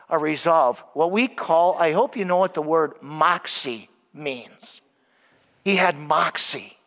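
A man preaching a sermon, emphatic, often calling out to "everyone", sometimes dropping to a soft hush. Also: on the high side. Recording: long hall reverb.

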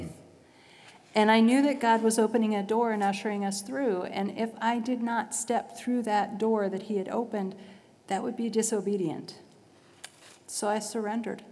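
A woman's voice: medium pitch, darkish tone. A woman giving a sincere, reflective personal faith testimony. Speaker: testimony speaker. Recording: long hall reverb.

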